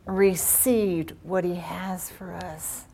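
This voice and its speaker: A woman's voice: fairly low pitch, steady tone, gravelly, warm tone. A woman preaching a sermon, praying fervently and reading scripture aloud with emphasis. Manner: slow, emphatic delivery with fervent prayer.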